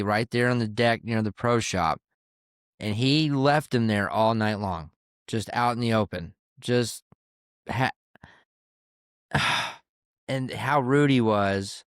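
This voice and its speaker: Recorded cleanly in a studio with no room sound, a mid-range male voice shares stories from the golf course. He's a caddie who hosts a podcast, and his storytelling is casual, candid and conversational, with offhand swearing.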